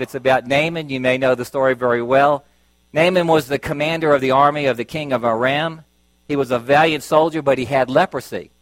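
A man's voice: mid-range voice, dry recording, poor audio. A middle-aged man preaching a sermon, telling stories and acting out voices as he goes. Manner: storytelling, acting out voices with lively shifts.

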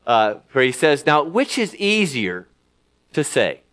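A man's voice: medium pitch, very animated, a little slow, fairly bright tone. Guy preaching a sermon, chatty, lots of ums and restarts. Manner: conversational preaching with many fillers and restarts. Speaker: pastor.

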